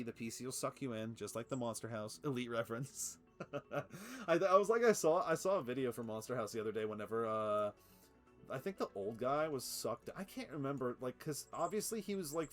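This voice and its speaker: A man streaming a factory game live, excitable and swearing, laughing often and cooing at his cat. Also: mid-range voice, moderate pace, faint music behind. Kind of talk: live gameplay commentary.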